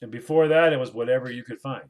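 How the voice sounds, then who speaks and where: A man's voice: medium pitch, fast talker. A man co-hosting a casual comedy podcast, ranting and acting out silly voices. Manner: animated storyteller who acts out silly voices and rants. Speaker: podcast co-host.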